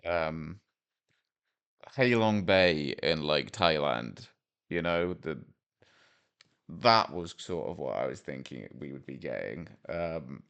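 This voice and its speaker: A vlogger from Wales talks through his screen in a deep, gravelly voice with plenty of vocal fry. He rambles casually, cracking self-deprecating jokes between ums and likes. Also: animated, slow pace, pauses often, a bit bright, muffled recording. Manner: rambling, jokey, self-deprecating, with many fillers. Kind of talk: casual commentary over a map game.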